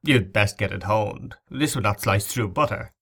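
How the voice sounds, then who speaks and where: A man's voice: fairly low pitch, normal speed, creaky, bright, forceful tone, slightly rough, exaggerated voice. A man playing a stern, commanding young nobleman in a storybook reading, speaking curtly. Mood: firm. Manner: curt, commanding.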